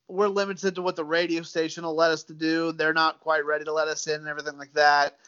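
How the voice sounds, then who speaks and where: A man's voice: a little high, sharp tone. A man talking casually as a guest, easygoing and given to repeating words, calling the host dude and man. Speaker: sports podcaster guest. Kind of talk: casual chat. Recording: slightly dull lo-fi sound.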